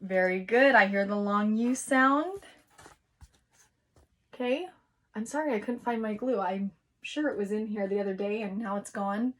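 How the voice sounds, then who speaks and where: A woman teacher giving a recorded lesson to young children, patient and encouraging, sounding out words slowly. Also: mid-range voice, a bit bright.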